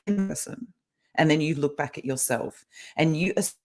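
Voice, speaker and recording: A woman's voice: low voice, normal speed, darkish tone, soft background music. A middle-aged woman guest explaining ideas in a casual interview over a video call, talkative and laughing often. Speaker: guest, kinesiologist and life coach.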